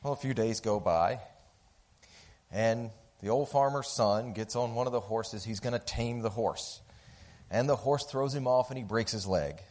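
A man's voice: mid-range voice, normal speed. A man telling a parable to a live audience, acting out the characters' voices. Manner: animated, acts out the voices of characters. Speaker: speaker telling a story to an audience. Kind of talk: storytelling talk.

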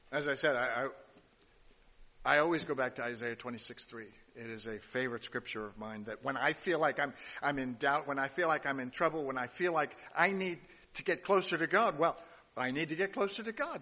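A man's voice: medium pitch, a little fast, sharp tone, long reverb tail. A man giving a sermon, reading scripture aloud and adding casual asides, with some restarts along the way. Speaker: pastor.

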